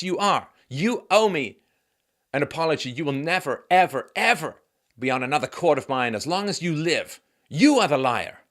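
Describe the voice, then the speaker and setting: A man's voice: medium pitch, a bit bright, voice pushed up. A man impersonating an indignant woman athlete who demands an apology, in an insistent, repetitive voice. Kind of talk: impression within commentary.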